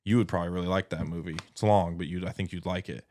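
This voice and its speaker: Rambling Texan man, low voice. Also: fairly even intonation, quick pace, a little mellow. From Texas. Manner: rambling storyteller, lots of filler words. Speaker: podcast co-host. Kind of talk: casual chat.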